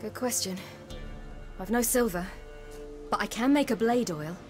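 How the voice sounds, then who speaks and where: An actress voicing a composed young female monster hunter in a video game, speaking in a calm, measured, matter-of-fact way. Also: on the high side. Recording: game music playing behind.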